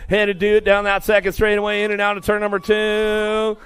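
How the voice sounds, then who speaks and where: A man announcing live BMX races, rattling off rider names with bursts of excitement. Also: high-pitched, smooth. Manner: rapid-fire calling of rider names, excitable. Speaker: race announcer. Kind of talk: live BMX race commentary.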